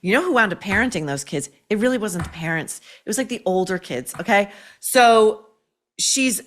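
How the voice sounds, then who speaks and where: A woman hosts a podcast and tears into celebrities with blunt, profane sarcasm. Her voice sits in an ordinary middle pitch. She peppers her commentary with "like" and a pointed "okay?". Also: expressive, moderate pace, slight background noise. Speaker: podcast host. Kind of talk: opinionated pop-culture commentary.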